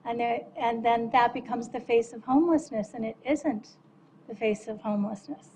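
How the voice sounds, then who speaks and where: A woman's voice: a little high, fairly even intonation, moderate pace, warm tone, a little hiss or hum. A woman in homeless services making brief, supportive comments during a meeting discussion, heard off-mic. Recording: dull, off-mic meeting audio.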